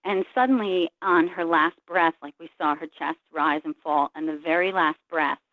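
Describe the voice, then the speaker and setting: A woman's voice: low-pitched, normal speed, no echo. A woman, a Reiki practitioner, earnestly recounting personal experiences as a guest and voicing the people in her story. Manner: earnest, reflective, retells scenes by voicing others' words. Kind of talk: personal storytelling in a call-in interview. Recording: tinny phone line.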